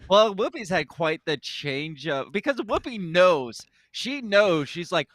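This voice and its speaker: A man co-hosting a casual news podcast, chatting and acting out quotes in sudden high voices. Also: animated, slow, a bit bright, dry recording, studio quality. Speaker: podcast co-host.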